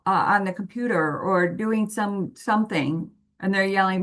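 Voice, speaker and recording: Slow, patient woman explaining to parents. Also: medium pitch, a bit bright. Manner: patient, gives everyday examples. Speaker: parent guide presenting to families.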